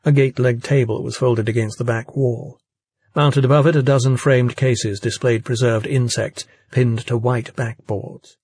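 A man reading a novel aloud as a narrator, in a steady, even storytelling manner. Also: medium pitch, moderate pace, breathy edge, dry recording. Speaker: audiobook narrator. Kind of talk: scripted narration.

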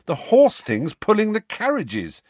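A man's voice: sits high, wildly swooping pitch, a little slow, a bit bright, no room sound, voice pushed up, full character voice. A man voicing an anxious, insistent teenage boy wizard in a storybook reading. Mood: impatient. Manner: urgent, insistent.

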